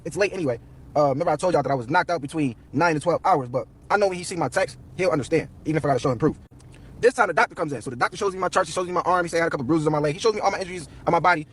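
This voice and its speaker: A man's voice: a little high, racing, breathy edge. A young man telling a long personal story on a live stream, slangy and profane, quoting everyone in turn.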